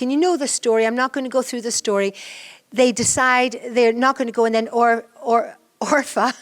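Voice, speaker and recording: Woman preacher, slightly high voice, chatty sermon, questions the congregation a lot. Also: brisk. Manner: animated, full of rhetorical questions. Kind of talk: conversational sermon. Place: church.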